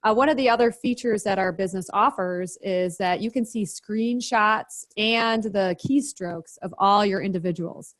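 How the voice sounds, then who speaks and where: A woman guest on a podcast, explaining her business practices in a brisk, practical, step-by-step way. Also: medium pitch. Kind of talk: interview, explaining.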